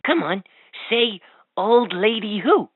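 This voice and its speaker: A cheerful talking toy who coaxes the listener through knock-knock jokes. She speaks slowly in a sing-song, lively pitch. The sound is thin and tinny, as from a toy speaker. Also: slightly rough, no room sound, full character voice. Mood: coaxing. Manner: coaxing, prompting the child to answer.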